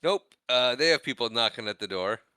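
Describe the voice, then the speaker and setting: A man co-hosting a casual movie podcast, recapping scenes and acting out the characters' lines in an animated way. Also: mid-range voice, a little fast. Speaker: podcast co-host.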